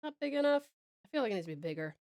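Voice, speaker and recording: An Australian woman from Tasmania chatting softly to viewers while she draws, affectionate and rambling with little chuckles. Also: fairly high pitch, very animated, racing. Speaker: streamer. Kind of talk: casual livestream chat while drawing.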